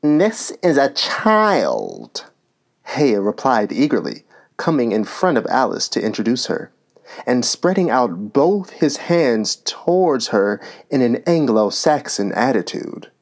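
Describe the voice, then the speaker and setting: A man reading a classic storybook aloud as narrator. His pace is very slow and deliberate, in a plain middle pitch. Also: animated, darkish tone.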